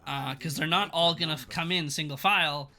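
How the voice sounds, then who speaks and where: A man streaming live, casually recapping a TV episode, rambling along with amused laughs and quick acted-out quotes. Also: fairly high pitch, bright, forceful tone, faint music behind. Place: home streaming setup.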